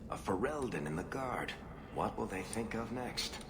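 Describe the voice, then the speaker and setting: A man's voice: fairly low pitch, animated, moderate pace, crowd noise. An actor playing a dry-humored male guardsman in a game. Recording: game audio with background noise.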